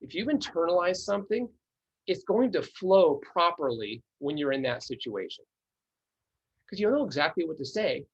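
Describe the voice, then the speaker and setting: Male trainer, husky, energetic and repetitive, a little high, dull lo-fi sound. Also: normal speed. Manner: energetic, repeats words, acts out dialogue. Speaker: real estate coach. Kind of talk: training session talk.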